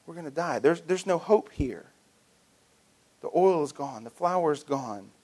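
A preacher putting on a starving widow, desperate and hopeless, pitched up high. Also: male voice, expressive, a little slow, a little mellow. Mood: despairing. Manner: pleading, exasperated, hopeless.

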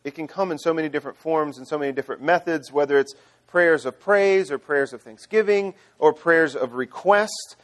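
Pastor guy preaching, chatty and loose, you-know's everywhere, voice a bit high for a man. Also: a little fast. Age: adult father. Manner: chatty, conversational with fillers and restarts. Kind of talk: sermon with storytelling.

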